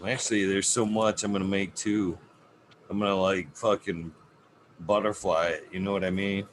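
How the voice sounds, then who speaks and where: A man's voice: low voice, level tone, normal speed, a little hiss or hum. A man hosting a casual livestream, talking laid-back and swearing a lot as he narrates each step he takes. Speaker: livestream host.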